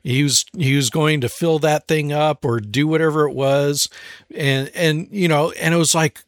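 A man in his forties talks through his parenting stories in a relaxed, meandering way, often restarting and drawing out his words. His voice is fairly high with a gravelly edge. The recording is dry and close. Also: no room sound. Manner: relaxed storytelling, frequent restarts and slower stretches. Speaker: parent sharing advice. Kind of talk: casual talk on parenting.

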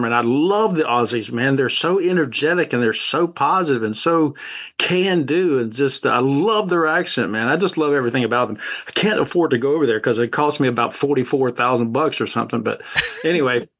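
A man's voice: medium pitch, fairly bright tone. A man co-hosting a Christian podcast, telling rambling stories with frequent chuckles. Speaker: podcast co-host. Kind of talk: casual Christian podcast chat.

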